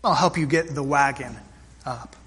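A man's voice: mid-range voice, normal speed, a bit bright, slightly rough, voice pushed down. A man voicing a hospitable neighbor farmer in a sermon story, friendly and coaxing.

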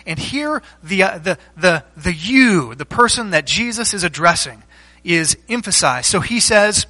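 A man preaching a structured sermon as pastor, teaching point by point with rhetorical questions and deliberate pauses. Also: high voice, expressive, bright, forceful tone, faint music behind, low-quality recording.

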